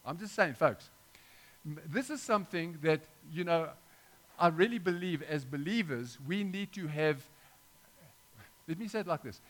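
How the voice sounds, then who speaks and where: A man's voice: a little high, lively intonation, normal speed, a bit bright. A middle-aged male preacher giving an informal sermon, his voice sitting a little above the usual male range. He speaks conversationally and rambles, breaking off for asides and restarting his sentences as he goes.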